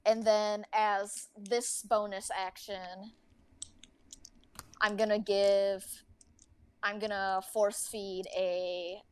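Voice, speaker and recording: A woman's voice: mid-range voice, level tone, very slow, pauses often, clear, resonant tone. A young woman playing in a tabletop game, talking casually with lots of "like". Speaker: player.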